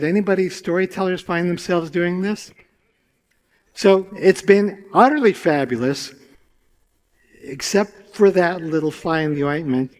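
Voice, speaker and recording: A man in his sixties telling stories on stage to a live audience, chatty and drawing the crowd in with questions. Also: a little high. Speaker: storyteller. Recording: long reverb from a large hall.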